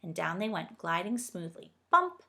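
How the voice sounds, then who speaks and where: A woman's voice: lowish voice, sing-song, moderate pace, creaky, pushed and bright. Woman reading a children's storybook. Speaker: reader.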